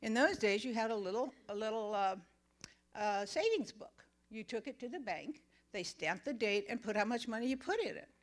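An older woman sharing a personal faith testimony as a chatty, animated storyteller. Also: on the high side, moderate pace. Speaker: church member giving testimony.

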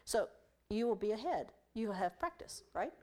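A woman leading a Bible study for women, teaching in a lively, emphatic way and repeating phrases for stress, then closing in prayer. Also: mid-range voice, moderate pace.

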